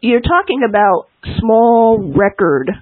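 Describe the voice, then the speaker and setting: Husky woman interviewer over a phone line. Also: fairly high pitch, very animated, slow, no echo. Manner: long winding questions. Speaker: radio interviewer. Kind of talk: radio interview. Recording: dry tinny phone-line radio audio.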